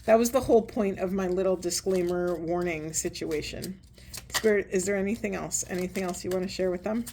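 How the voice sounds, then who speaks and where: A woman giving a spiritual oracle card reading, talking softly and earnestly, wandering through her thoughts with many fillers. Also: fairly low pitch, brisk, noisy background. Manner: soft, earnest, meandering with fillers.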